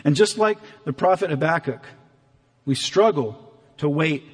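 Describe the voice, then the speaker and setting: A man preaching a sermon as pastor, earnest and animated, sometimes acting out the voices in the story. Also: fairly high pitch, unhurried. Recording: long hall reverb.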